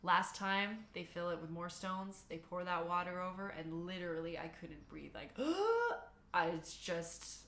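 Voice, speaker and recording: A young woman recounts a personal experience to her viewers, bright and forceful in tone. She tells it animatedly and emotionally, acting out her own inner thoughts. The recording has a noticeable roomy echo. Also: on the low side, little pitch movement, moderate pace, hardly any pauses. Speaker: vlogger. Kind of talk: personal storytelling.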